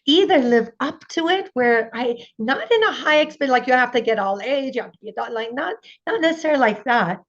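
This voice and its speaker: Woman giving an earnest parenting talk, kinda high voice, muffled livestream sound. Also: lively intonation, brisk. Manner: earnest, encouraging, acts out quoted voices. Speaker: parenting speaker. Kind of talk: conference talk.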